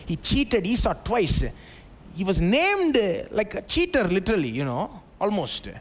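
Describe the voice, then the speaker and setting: During a church service, a male pastor from India preaches to the congregation live in a conversational style, full of rhetorical questions, asides, and "you know." His voice sits high with huge pitch swings, and he is unhurried.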